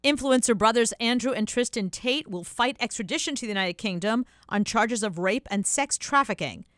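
Measured female news anchor, dry sound. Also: on the high side, no room sound. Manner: even, measured delivery. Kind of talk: scripted news reading.

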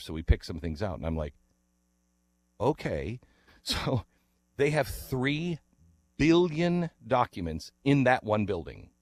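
A middle-aged man telling a casual anecdote in an animated way, acting out the people he quotes. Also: lowish voice, no echo. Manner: animated, acts out quoted voices, laughs while telling. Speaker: storyteller.

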